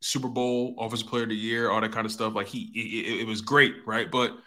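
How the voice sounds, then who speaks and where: A man's voice: lowish voice, bright, forceful tone. A man co-hosting a sports talk show, giving blunt opinions with stammering restarts.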